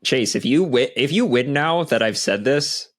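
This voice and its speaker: A man's voice: medium pitch, lively intonation, moderate pace. A man co-hosting a podcast in casual chat, blunt and teasing. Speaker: podcast co-host.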